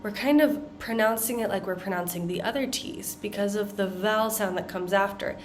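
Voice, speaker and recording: A woman with an American accent teaching pronunciation, modeling tongue twisters slowly and deliberately. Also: mid-range voice, a little hiss or hum. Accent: General American. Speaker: accent coach. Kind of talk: pronunciation lesson.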